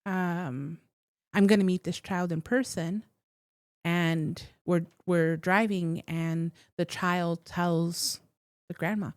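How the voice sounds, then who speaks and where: A woman's voice: fairly low pitch, steady tone, a little mellow, no room sound, clean studio sound. Emotional woman telling a story. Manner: emotional, near tears, halting with restarts. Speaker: psychic and teacher, guest. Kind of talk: casual interview storytelling.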